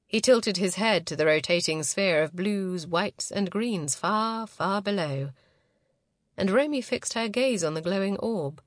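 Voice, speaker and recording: Reading a science fiction novel aloud, this female audiobook narrator keeps a steady, even storytelling tone. Her pitch is medium and her pace measured, recorded dry with studio quality.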